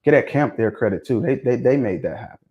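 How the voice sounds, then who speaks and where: A mid-pitched man speaks in on a casual livestream. He is lively and keeps pressing his audience with repeated questions. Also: fast talker, muffled recording. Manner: animated, prodding viewers with questions, repeats himself. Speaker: livestream host discussing dog pedigrees.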